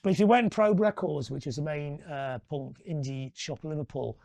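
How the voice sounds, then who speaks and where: A middle-aged man races through his anecdotes as an interview guest, his voice gravelly and pitched a little high. He rambles from story to story and keeps tagging lines with little questions. His voice is recorded dry and close. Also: brisk, darkish tone, no room sound. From northwest England. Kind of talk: live on-stage interview chat.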